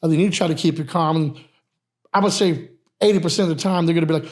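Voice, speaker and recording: A man who heads a security crew, telling club stories in a casual, profane, animated way. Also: fairly high pitch, quick pace. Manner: profane, animated storyteller, repeats "you know what I mean". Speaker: guest, head of a security firm. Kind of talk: casual podcast storytelling.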